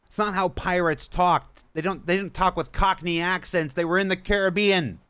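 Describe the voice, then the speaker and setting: A man's voice: sits high, moderate pace, a bit bright, smooth, no echo. A man hosting a livestream, reading viewer questions aloud and adding chatty, sarcastic asides. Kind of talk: casual chat.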